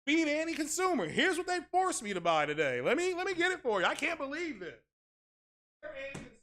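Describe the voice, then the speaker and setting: A man's voice: very high-pitched, sing-song, fast, bright, forceful tone. A man hosting a tech channel, ranting casually with sarcastic, mock-outraged exaggeration and crude, blunt language. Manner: crude, blunt street talk. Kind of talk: casual streamed rant.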